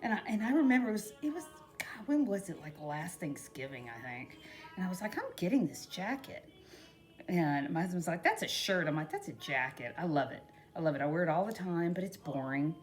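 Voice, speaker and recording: A folksy, chatty middle-aged woman talks her viewers through a craft project. Her voice sits low but swings widely up and down. Faint music plays underneath. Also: animated, brisk, a little mellow. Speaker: crafting vlogger. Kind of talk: casual craft tutorial chat.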